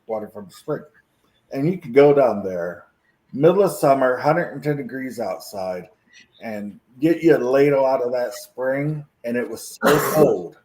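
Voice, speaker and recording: A man's voice: mid-range voice, darkish tone, roomy sound, slight background noise, poor audio. A man from Kentucky hosting a casual livestream chat, telling easygoing stories. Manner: storytelling, easygoing. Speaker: host.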